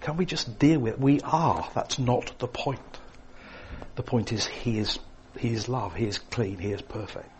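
A man preaching a sermon, swinging between emphatic lines and hushed, quiet ones. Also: mid-range voice, a little slow, slight background noise.

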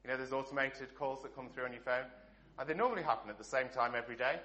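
A middle-aged man from England delivers a sermon with a bright, forward tone. He preaches earnestly, posing one rhetorical question after another, and lets the ends of his phrases fall soft. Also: medium pitch, quick pace. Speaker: pastor.

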